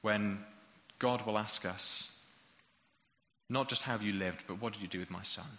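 A man's voice: lowish voice, moderate pace, sharp tone. A man preaching a sermon, emphatic and rhetorical, building to passionate peaks. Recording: dull echoey hall recording.

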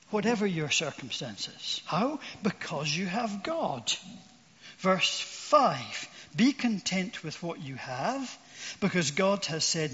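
A man's voice: high-pitched, a bit bright, long reverb tail, dull audio. An older man preaching a sermon, earnest and asking his listeners questions.

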